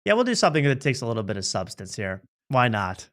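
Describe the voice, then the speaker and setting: A man's voice: medium pitch, sing-song, quick pace, a bit bright. A man hosting a comedy talk show, riffing casually and joking about online videos. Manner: joking, mock voices, laughs often. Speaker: comedy podcast host.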